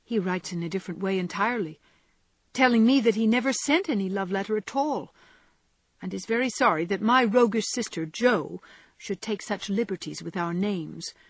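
A woman voicing a gentle young woman who speaks in a pleading, distressed way. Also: mid-range voice, normal speed, no room sound, natural voice. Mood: ashamed.

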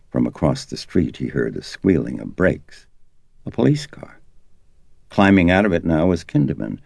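A man reading an audiobook in measured, expressive scripted narration, close to the mic. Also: rumbling low, creaky, no echo.

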